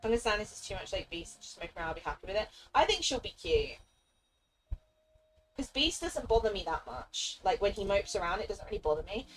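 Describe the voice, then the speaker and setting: A young woman chats casually on a live stream, sharing her opinions at an easy pace. She laughs often and briefly slips into playful voices for characters. Soft music plays quietly behind her. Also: medium pitch, expressive, a little fast, low-quality recording. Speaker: game streamer.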